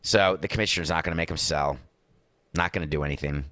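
A man's voice: rumbling low, quick pace, bright, forceful tone, no echo, clean studio sound. A male podcast host giving sarcastic sports business commentary, often acting out the people he quotes.

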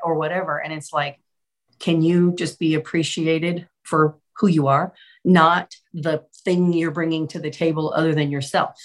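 A woman with a low voice hosts a podcast and coaches. She offers deliberate, reflective comments in an easy conversational tone. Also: little pitch movement.

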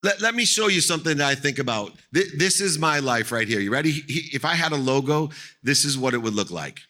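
A man's voice: fairly high pitch, expressive, brisk, pushed and bright. A middle-aged man giving a live motivational keynote on stage, speaking emphatically and repeating phrases for effect. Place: on stage at an event.

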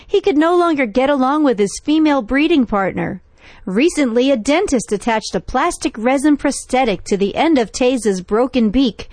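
A woman reporter reading a scripted animal news segment in a smooth, even manner. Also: high voice, dry recording. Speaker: radio reporter.

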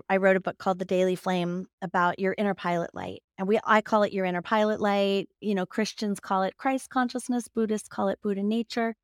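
Lively storytelling woman, dry close sound. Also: mid-range voice, no room sound. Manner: lively storyteller who laughs and acts out quoted voices. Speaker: guest, mind-body physician and author. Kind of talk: casual interview conversation.

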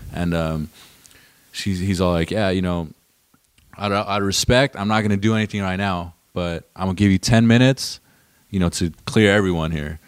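A man telling a long story in casual chat, animated and swearing often. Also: sits low, normal speed, smooth, no echo.

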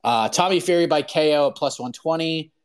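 A man's voice: on the high side, fairly quick, clean tone. A man hosting a show, chatting casually and rambling through his betting picks, laughing as he talks. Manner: relaxed, rambling, laughs while talking. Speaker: podcast host. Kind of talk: casual chat about fight betting.

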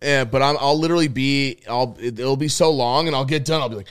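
A young man co-hosting a podcast, telling loose, profane, animated stories in casual chat. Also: medium pitch, quick pace, smooth. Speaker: podcast co-host.

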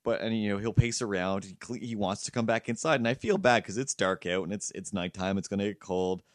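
A man's voice: lowish voice, brisk, dry recording, studio quality. A man hosting a podcast, telling a rambling, profane story in casual chat. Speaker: podcast host.

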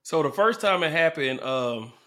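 A former football player with a somewhat high voice tells stories at a moderate pace in casual sports talk. He's animated, acting out the fans in the stands around him.

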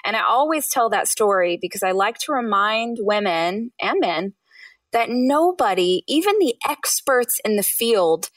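A woman in her thirties, an author guest on an interview podcast, telling her story with lively acted-out quotes. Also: measured pace, dry recording, distant mic. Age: 30s. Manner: animated, acts out quotes with high bursts.

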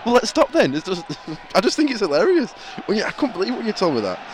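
A man's voice: high-pitched, fast talker, background noise. A man co-hosting a podcast live from a football stadium, teasing and laughing as he talks. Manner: lively, giggly, teasing. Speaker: podcast co-host. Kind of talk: casual live banter. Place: outdoor football stadium stands. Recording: stadium music playing behind.

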